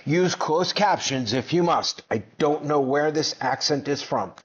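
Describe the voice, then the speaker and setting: A man's voice: a little high, measured pace. A man giving brash, mocking commentary on finance clips, boastful and combative. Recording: dull lo-fi sound.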